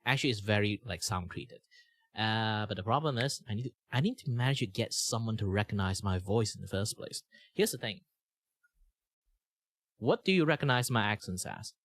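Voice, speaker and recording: A young man from Malaysia talking casually on stream, with a lively pitch that rises and falls a lot. His speech flows on in long, rambling runs, full of fillers and self-corrections. He records on a good mic in a treated home room, so the sound is close and dead dry. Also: normal speed, no room sound. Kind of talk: casual chat. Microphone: good studio mic.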